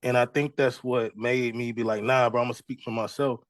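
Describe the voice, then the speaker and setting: A man's voice: medium pitch, normal speed, no room sound. A young adult man, a music artist, casually telling his story as an interview guest and acting out what people said to him. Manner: relaxed storyteller, acts out quoted dialogue.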